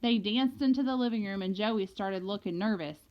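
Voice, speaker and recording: A woman reading a first-person novel aloud in a lively, casual storytelling manner. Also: mid-range voice, moderate pace. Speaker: audiobook reader. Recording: dull lo-fi recording.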